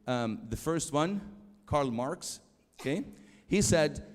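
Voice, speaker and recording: A man giving a church youth lecture, emphatic, slowing down for quotes and asking the audience questions. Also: on the high side, lively intonation. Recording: long hall reverb.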